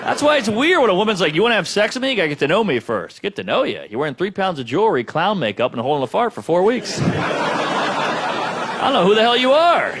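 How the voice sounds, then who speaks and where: A man's voice: sits high, fairly bright tone. A man doing a stand-up comedy routine on a club stage, brash and profane with punchy delivery, laughter from the audience. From United States. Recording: noisy live club recording.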